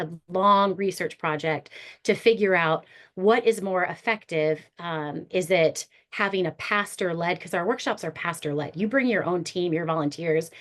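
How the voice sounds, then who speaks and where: A woman therapist who leads ministry workshops, talking earnestly and with animated storytelling in a panel discussion. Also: fairly low pitch.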